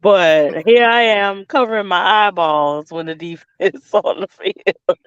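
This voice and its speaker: A woman's voice: mid-range voice, takes it slowly, clear, resonant tone, dry recording, muffled recording. A woman, co-hosting a casual sports podcast and talking in a dejected, scolding way. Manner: dejected, then heated and scolding. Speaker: podcast co-host.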